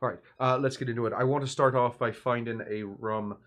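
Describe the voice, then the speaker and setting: A man's voice: mid-range voice, fairly even intonation, brisk, fairly bright tone. A man hosting a casual drinks livestream, rambling and hesitant, bluntly critical of what he tastes. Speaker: livestream drinks show host.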